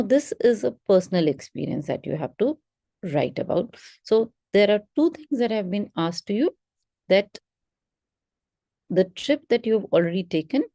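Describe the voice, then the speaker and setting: A woman's voice: on the low side, warm tone, no echo, clean studio sound. A woman teaching test preparation in a webinar, in an instructive way that stresses key words. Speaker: English test prep teacher.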